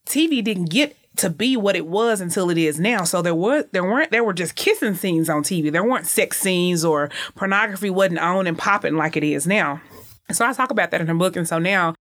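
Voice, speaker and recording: A woman in her thirties talks openly and with energy as an author in an interview. Her voice sits a little low for a woman and sounds close and dry. She tells stories in a frank, conversational way. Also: fairly quick, dry recording. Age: 30s. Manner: frank, lively, often acting out others' voices. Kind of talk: candid conversational storytelling.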